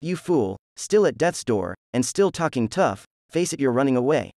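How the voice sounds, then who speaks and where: A man's voice: medium pitch, big pitch swings, moderate pace, a little mellow, no echo, studio quality. A man voicing a sneering, evil middle-aged guild master who gloats and snaps. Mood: gloating. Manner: gloating, snapping.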